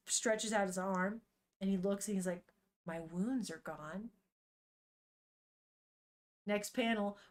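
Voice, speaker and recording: A woman streaming as she reads manga, chatting casually and animatedly, swearing freely and thinking aloud. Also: mid-range voice. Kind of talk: casual chat.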